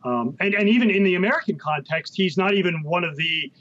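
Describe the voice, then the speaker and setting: A man's voice: high voice, a little fast, fairly bright tone. Hesitant man with a muffled voice. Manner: hesitant, many ums and restarts. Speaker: guest, Freemason author. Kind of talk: interview answers. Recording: muffled lo-fi sound.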